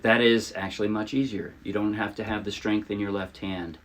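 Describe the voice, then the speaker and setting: A man's voice: fairly low pitch, fairly even intonation, a little fast, over loud music. Guy chatting through a uke lesson, easygoing and self-deprecating, ukulele plucking behind him. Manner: chatty, self-deprecating, demonstrates while talking. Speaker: ukulele teacher. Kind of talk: casual tutorial talk. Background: ukulele playing.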